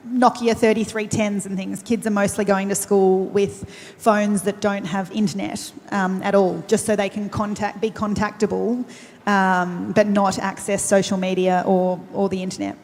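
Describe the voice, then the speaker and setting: Speaking earnestly and personally as a panelist, a woman with an Australian accent restarts often during conversational talk. The mid-range voice is level and darkish at a moderate pace, recorded in a large event hall with long reverb plus a little hiss or hum.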